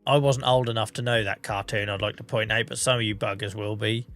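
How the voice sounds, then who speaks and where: A Norfolk-accented Englishman in his forties chats casually while live-streaming a farming game, feeling under the weather and coughing as he swears and jokes at his own expense. His voice is lowish, steady, fairly quick, and a bit bright, with soft background music.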